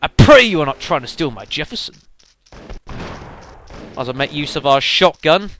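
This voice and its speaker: A man putting on a gruff, mock-epic voice to read out a male mission-giver in a game. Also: on the high side, very animated, normal speed, fairly bright tone. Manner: theatrical, mock-epic reading.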